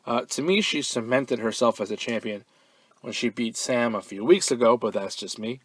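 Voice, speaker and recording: A man hosting a fan-mail podcast in a relaxed, offhand way, full of ums and uhs, now and then breaking into loud, profane excitement. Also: medium pitch, normal speed, no room sound. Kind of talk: casual podcast chat.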